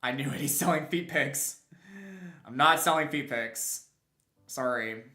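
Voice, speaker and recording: A man's voice: mid-range voice, a little slow, pushed and bright. A young man streaming a game, chatting casually and rambling with many restarts and chuckles. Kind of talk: casual live-stream chat while gaming. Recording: roomy echo.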